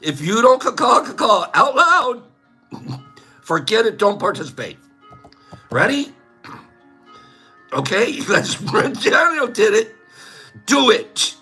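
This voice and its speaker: Slow and full of long pauses, a man's high, breathy voice swings widely in pitch as he hosts a casual live stream with faint music behind. He playfully teases chat viewers, laughs often, and breaks into loud bird calls.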